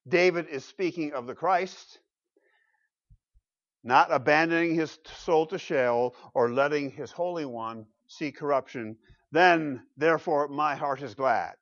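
A man preaching a sermon in a church, with emphatic swelling peaks and quieter conversational asides. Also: a little high, dull audio. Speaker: pastor.

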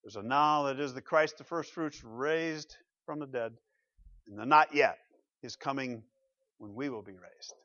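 Preacher with a dull lo-fi sound. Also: male voice, unhurried, no room sound. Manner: swings from loud emphatic declarations to low asides; asks the congregation rhetorical questions. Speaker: pastor. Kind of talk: sermon. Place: church.

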